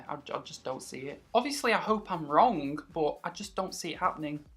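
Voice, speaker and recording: A woman's voice: lowish voice, a bit bright. A woman vlogging wrestling predictions in a chatty, casual way, acting out other people's reactions as she talks. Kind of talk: casual chat.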